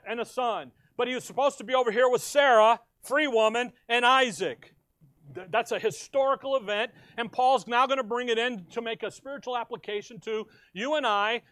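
A middle-aged man preaching a verse-by-verse sermon, swinging between loud emphasis and quiet asides. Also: extremely high pitch, dry recording.

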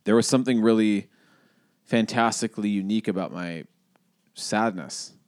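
Reflective man, podcast co-host, lowish voice. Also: normal speed, darkish tone, no room sound, studio quality. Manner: reflective, rambling with many restarts and fillers. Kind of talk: casual conversational podcast.

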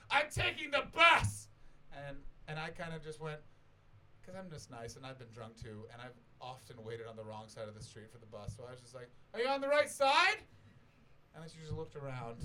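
A man telling a rambling, profane story as a comedian, breaking into loud shouted impressions. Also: mid-range voice, a little hiss or hum. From not from Scotland. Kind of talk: stand-up storytelling to a recorded audience.

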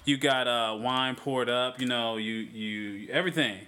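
A man's voice: medium pitch, measured pace, sharp tone, clear, resonant tone. A man co-hosting a podcast, telling a teasing story in casual chat and talking over interruptions. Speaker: podcast co-host.

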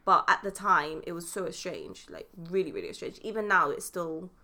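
A young woman from England co-hosting a podcast, telling stories in an animated, laughing way. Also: on the low side, brisk. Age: young adult. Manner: animated storytelling, laughs while talking. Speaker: podcast co-host. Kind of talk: casual chat.

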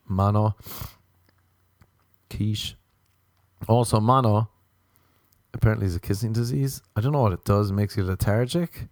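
A man's voice: on the low side, a little mellow, dry recording, clean studio sound. A man hosting a podcast, telling a rambling, crude, self-mocking comedic monologue. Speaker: podcast host.

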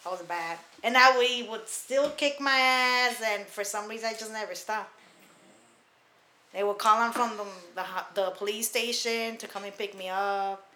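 A young woman in casual podcast chat, blunt and full of profanity. Her voice sits a little high and sounds bright and forward. The room around her has a noticeable echo. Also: fairly even intonation, moderate pace. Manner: blunt and profane, recounting her youth with laughs. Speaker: podcast co-host. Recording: echoey room.

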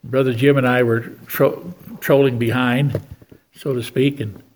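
A man's voice: medium pitch, fairly even intonation, a little slow, a little mellow, a little hiss or hum. An older man giving a sermon in church, telling a story from his life and calling on the congregation for amens. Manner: storytelling preacher who keeps asking the church for amens. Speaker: guest preacher.

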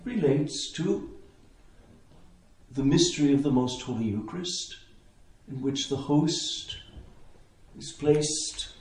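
Brief: unhurried male priest preaching, recorded in an echoing church. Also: a little high, a little mellow. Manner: slow, contemplative, with long pauses. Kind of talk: sermon. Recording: echoey church interior.

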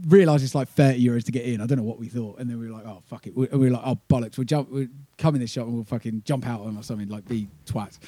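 A man's voice: mid-range voice, quick pace, mellow. A man telling a rambling, swearing tour story with laughs in casual chat. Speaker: touring band member.

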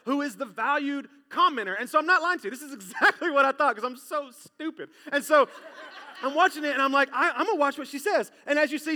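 Pastor guy preaching, bright high voice, big hall echo. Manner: lively, joking, gets the congregation to repeat phrases. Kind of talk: sermon. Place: large church hall. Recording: long hall reverb.

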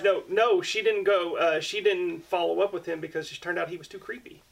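A man co-hosting a casual podcast who talks fast in a gravelly, fry-laden voice pitched fairly high. He gives his opinions bluntly. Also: steady tone, distant mic. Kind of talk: casual chat.

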